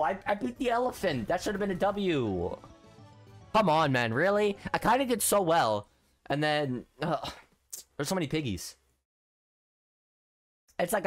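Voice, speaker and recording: A young man commentating his own gameplay, excitable and quick to groan or yelp, repeating words in bursts. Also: medium pitch. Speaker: gaming streamer.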